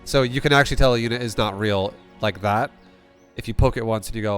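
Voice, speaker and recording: A man's voice: lowish voice, fast, fairly bright tone, soft background music. Blunt, rambling male game coach. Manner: blunt, rambling, frequent restarts and "like". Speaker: StarCraft coach. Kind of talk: casual replay coaching with profanity.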